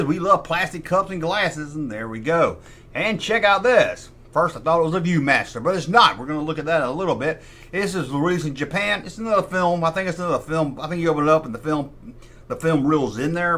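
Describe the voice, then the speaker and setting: A man's voice: fairly high pitch, a bit bright. A man hosting a collectibles video in casual show-and-tell style, rambling and jokey with self-deprecating asides. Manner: puts on mock voices for quoted people.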